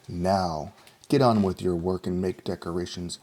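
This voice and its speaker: A man's voice: low voice, fairly even intonation, measured pace, dark tone, slight background noise. A man voicing a bossy, grumpy witch in a storybook read-aloud, speaking in a snappish, commanding way.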